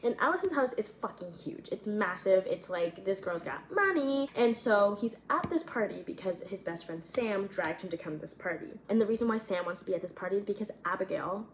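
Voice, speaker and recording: A woman's voice: medium pitch, animated, a little fast, few pauses, a little hiss or hum. A woman vlogger chatting casually and rambling about her young adult novel, filling her sentences with "like". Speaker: vlogger and writer. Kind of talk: casual chat, reading her own fiction. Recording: echoey room, faint ambience.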